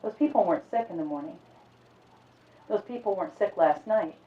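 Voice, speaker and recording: A woman voicing a troubled young man who talks in a subdued, halting way. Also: fairly low pitch, natural voice. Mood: earnest. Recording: echoey, distant, phone-like sound.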